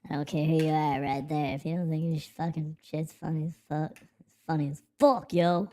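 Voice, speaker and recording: A man's voice: a little high, level tone, a little fast, mellow, a little hiss or hum. A man hosting a casual live stream from home, swearing freely, goofing around and answering the chat. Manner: profane, goofy, talks back to the chat. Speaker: livestream host.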